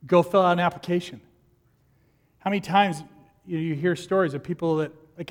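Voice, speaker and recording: A man preaching a sermon as pastor, lively and animated, acting out the people in his stories. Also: high-pitched, fairly quick, pauses often, in a large hall.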